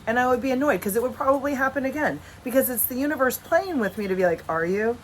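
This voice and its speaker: A woman's voice: high voice, animated, quick pace, slight background noise, low-quality recording. A woman in her thirties talking frankly and casually to camera at home, swearing now and then. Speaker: vlogger and coach. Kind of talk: casual direct-to-camera vlog. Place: at home with dogs.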